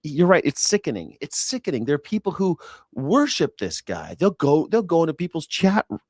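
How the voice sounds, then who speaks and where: A man's voice: on the high side, very animated, moderate pace, darkish tone, no room sound, studio quality. A man hosting a news reaction show, mocking and sarcastic, with a heated edge. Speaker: host.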